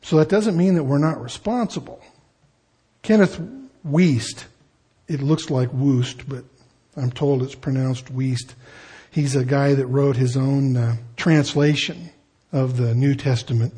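A man's voice: medium pitch, warm tone, breathy edge. A man preaching an expository sermon in a conversational way, with asides and shifting emphasis. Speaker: pastor.

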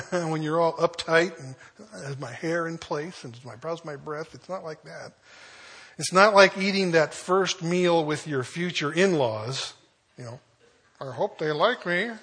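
Husky-voiced pastor preaching in a folksy way. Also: male voice, high-pitched, a bit bright. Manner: folksy storytelling, chuckles as he goes. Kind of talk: conversational sermon.

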